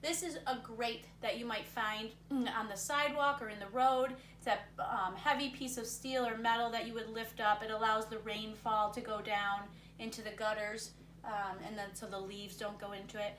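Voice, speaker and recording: With a fairly high, somewhat bright voice and fairly even intonation, this teacher keeps a moderate pace as she leads young students through a word game. It's a recorded reading lesson where she encourages them and thinks aloud, picked up from afar in a roomy room with faint noise.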